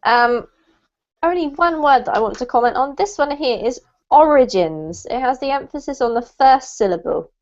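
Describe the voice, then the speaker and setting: A woman teaching an online English class over a video call, encouraging and slowing down to model words. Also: sits high, animated, darkish tone. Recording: muffled lo-fi call audio.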